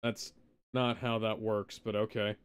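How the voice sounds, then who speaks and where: A man's voice: on the low side, level tone, a little slow, clear, resonant tone. A man co-hosting a casual movie riff, making laid-back, dry remarks about the film. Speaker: movie commentary co-host. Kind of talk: casual movie riffing commentary.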